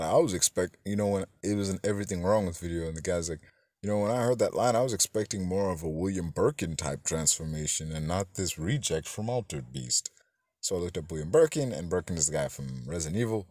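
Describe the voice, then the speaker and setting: A man's voice: low-pitched, dry recording, clean studio sound. A man giving a rambling, profane, casual movie review, full of fillers and self-corrections, acting out bits of dialogue as he goes. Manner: acts out characters' lines in snippets.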